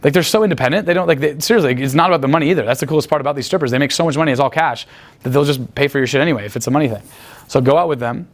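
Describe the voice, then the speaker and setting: A man's voice: on the high side, very fast. A man telling crude, boastful, rambling stories full of profanity in a casual interview. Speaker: guest talking about picking up women.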